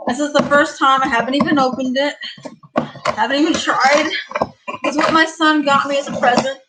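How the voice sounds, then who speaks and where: A middle-aged woman vlogging an excited unboxing in her home kitchen, gushing and exclaiming often. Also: high voice, fairly quick, heavy background noise.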